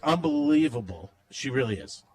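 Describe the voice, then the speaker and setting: A man's voice: medium pitch, big pitch swings, normal speed, darkish tone. A man hosting a radio show, telling brash, joking stories and laughing a lot between live ad reads. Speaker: radio host.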